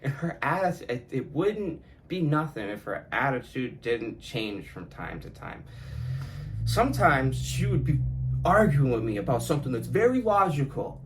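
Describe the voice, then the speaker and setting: On his own podcast, a young man talks alone in a relaxed, reflective way, cursing freely and laughing a lot. His voice is mid-range, and the rough recording carries slight background noise.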